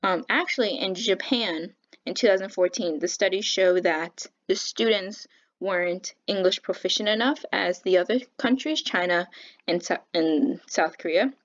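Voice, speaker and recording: Young woman doing a class presentation, flat and kinda halting, lots of ums, muffled lo-fi audio. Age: young adult. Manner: halting, with fillers and self-corrections; says she speaks with a flat pitch. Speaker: education student presenting. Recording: dull lo-fi recording.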